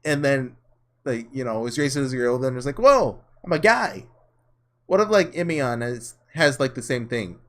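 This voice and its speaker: A man's voice: mid-range voice, moderate pace. A man casually thinking aloud as he plays through a story game. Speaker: gaming channel host. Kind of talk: casual let's play commentary.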